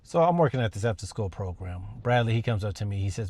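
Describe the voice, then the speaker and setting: A man's voice: lowish voice, quick pace. A young man, a teacher, telling comic stories about his students to the camera, acting out their lines. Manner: animated, switches into kids' voices and sings. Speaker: teacher and comedy storyteller. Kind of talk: comedic storytelling to camera.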